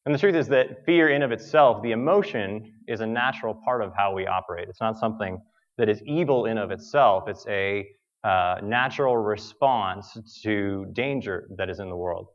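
An American man preaching a sermon, telling a personal story in a halting way with many fillers and restarts. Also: fairly low pitch, highs cut off. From United States.

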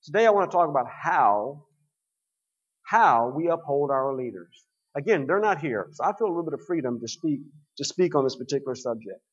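Guy preaching a sermon, kinda raspy, a bit high, lo-fi muffled sound. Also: a little fast. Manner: conversational, lively, explaining scripture.

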